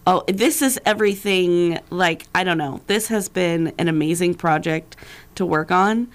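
A woman who organizes a charity event, chatting as a guest, bubbly and quick to laugh. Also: lowish voice, smooth. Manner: bubbly, laughs often, quotes people in lively voices. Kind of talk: casual chat.

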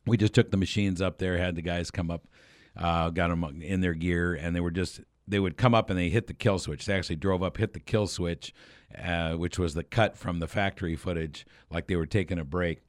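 A man's voice: sits low, fairly even intonation, brisk, dry recording, clean studio sound. A man hosting a radio show, casually telling a rambling story with chuckles and restarts.

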